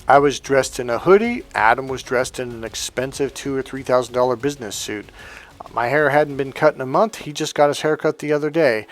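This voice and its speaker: A man's voice: medium pitch, fairly quick, faint music behind. A man coaching on dating, telling a story in a casual monologue, swearing bluntly and acting out what people said. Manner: blunt and profane, swearing often; animated, acting out quotes from a story.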